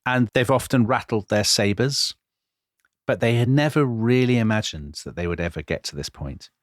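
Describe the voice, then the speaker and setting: Animated man telling history. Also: fairly low pitch, normal speed, no echo, clean studio sound. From Britain. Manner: animated, dramatizing quotes with voice changes. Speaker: podcast co-host. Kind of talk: conversational history storytelling.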